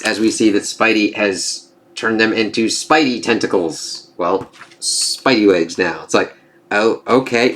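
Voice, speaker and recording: A man's voice: medium pitch, a bit bright, slight background noise. Rambling casual male comic reviewer. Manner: rambling, casual, swears freely.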